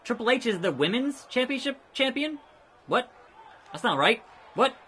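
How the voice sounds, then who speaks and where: Excitable high-voiced male game commentator. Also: moderate pace, a little hiss or hum. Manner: excitable, jokey play-by-play with sudden shouts. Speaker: host. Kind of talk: let's play wrestling commentary.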